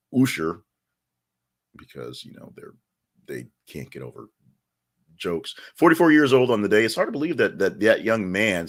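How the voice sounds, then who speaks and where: A man's voice: low-pitched, a bit bright. A man hosting a news podcast in a chatty, wry way, with offhand asides and restarts. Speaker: podcast host. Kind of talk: casual news podcast monologue.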